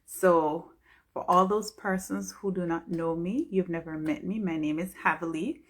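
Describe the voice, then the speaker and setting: A woman's voice: on the low side, normal speed. Earnest woman giving encouragement. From Jamaica. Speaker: pharmacist. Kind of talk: motivational live-stream talk.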